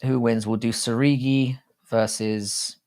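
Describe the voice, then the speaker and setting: A man's voice: fairly low pitch, normal speed. A young man hosting a casual live stream, rambling and swearing freely with many restarts.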